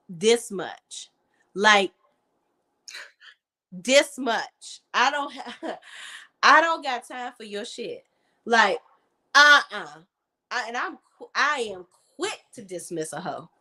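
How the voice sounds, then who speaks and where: A woman's voice: mid-range voice, pushed and bright. Woman host, casual reality TV chat, blunt and profane, easy laugh.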